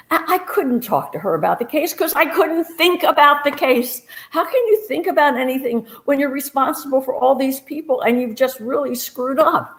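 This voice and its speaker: A woman telling a true first-person story on a live stage, with a brisk, animated and self-mocking way of talking. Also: sits high. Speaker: storyteller, investigator.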